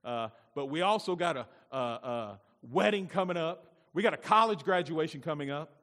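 Middle-aged pastor with a higher-pitched voice, ringing church reverb. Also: male voice, animated, moderate pace, fairly bright tone. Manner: folksy storytelling that swells into emphatic preaching. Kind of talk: sermon. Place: church sanctuary. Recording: long church hall reverb.

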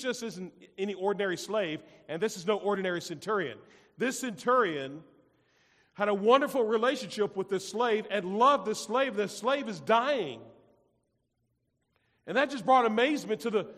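A man's voice: sits high, lively intonation, moderate pace, a bit bright. A man preaching a sermon to his congregation, emphatic and repetitive, putting questions to the listeners. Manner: emphatic, repeats phrases, asks the congregation questions. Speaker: pastor. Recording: long hall reverb.

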